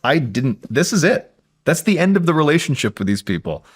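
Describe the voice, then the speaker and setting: A man's voice: fairly high pitch, sing-song, fairly quick, slightly rough. A man, a podcast guest, telling a suspenseful true story in casual conversation, building tension and often saying "like".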